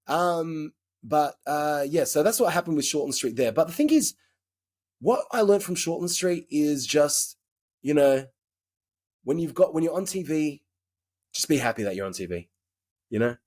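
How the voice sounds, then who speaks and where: A man's voice: fairly high pitch, expressive, moderate pace, long pauses, a little mellow. A man with an Australian accent, a guest actor talking casually and bluntly in a podcast interview, rambling through his stories and swearing now and then.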